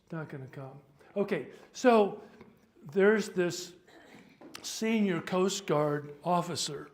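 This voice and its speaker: Older male clergyman, informal teaching talk, wry asides, voice a touch high. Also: takes it slowly. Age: 70s. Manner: chatty, joking, stops to sort out sound. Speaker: priest leading a workshop.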